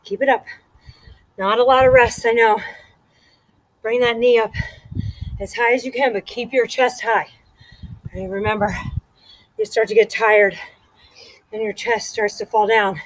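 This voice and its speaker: A woman's voice: a little high, expressive, a little slow, long pauses, no echo, rough recording. Breathless woman leading a workout. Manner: counts reps aloud, encouraging. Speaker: fitness instructor. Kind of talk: guided workout instruction.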